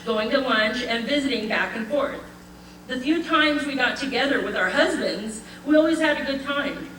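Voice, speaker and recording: An older woman reading a prepared eulogy at a memorial gathering, heartfelt and measured, with light laughter. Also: on the high side, a bit bright, far from the mic, a little hiss or hum. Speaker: eulogy speaker. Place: memorial gathering in a community hall. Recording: echoey hall, voice from afar.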